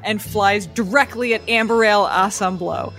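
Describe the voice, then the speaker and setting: A woman's voice: medium pitch, a little slow, fairly bright tone, soft background music. A woman playing in a tabletop game, animatedly narrating her character's action. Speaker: player.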